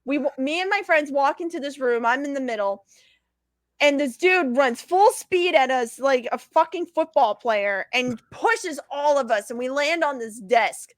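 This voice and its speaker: Woman guest, high voice, dry close mic; animated storyteller who swears freely. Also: normal speed, dry recording. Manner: animated, swears freely, laughs between lines. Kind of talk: casual storytelling.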